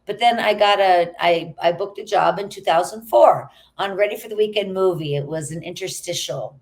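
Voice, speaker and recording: A woman's voice: on the low side, moderate pace. A middle-aged actress, a woman, chatting casually as a guest and laughing easily. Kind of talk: casual interview chat.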